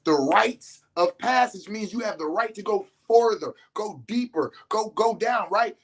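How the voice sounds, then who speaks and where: Animated, profane man preaching to the fellas. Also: sits high, unhurried. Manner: animated, profane, preachy, jumps between calm and shouting. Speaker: podcast host. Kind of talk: opinionated monologue to male listeners.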